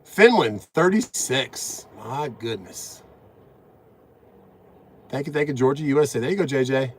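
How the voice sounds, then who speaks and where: A man's voice: mid-range voice, animated, measured pace, a little hiss or hum. A middle-aged man in his truck cab, live-streaming from a phone on the dash, chatting casually and greeting viewers, a bit out of breath. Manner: reads out viewer comments, upbeat and chatty.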